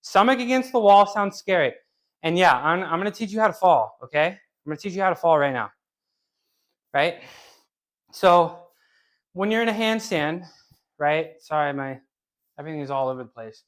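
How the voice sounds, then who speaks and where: A man's voice: fairly high pitch, lively intonation, normal speed, pauses often, fairly bright tone. A man casually coaching handstands during a live workout stream, rambling and repeating himself as he talks to chat. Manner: talks to chat while exercising. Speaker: fitness streamer.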